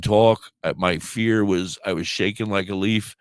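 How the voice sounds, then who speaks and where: A middle-aged man with a low, deep voice that stays smooth and resonant despite a sore throat. He co-hosts a podcast and wanders through a casual story, swearing freely and poking fun at himself. The sound is dry and close, with no room around it. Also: fairly even intonation, unhurried, hardly any pauses, dry recording. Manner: rambling, swears freely, self-deprecating. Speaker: podcast co-host.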